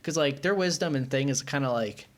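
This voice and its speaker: A man's voice: mid-range voice, a little fast. Rambling man from Iran, casual chat. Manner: rambling, filler-heavy, often says "like". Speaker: podcast guest.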